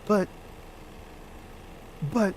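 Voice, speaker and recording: This gamer draws out his words, and a faint hiss or hum sits under his desk-mic audio. While streaming, he banters with his audience, reads out their chat messages, hums along, and shouts whenever something excites him.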